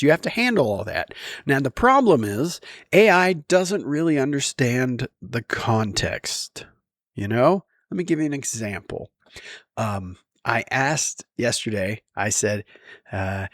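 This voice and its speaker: A man's voice: mid-range voice, expressive, slow pace, dry recording, clean studio sound. A man talking casually to camera in a rambling way, with many ums and restarts and frequent chuckles. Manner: chuckles often while talking. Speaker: vlogger.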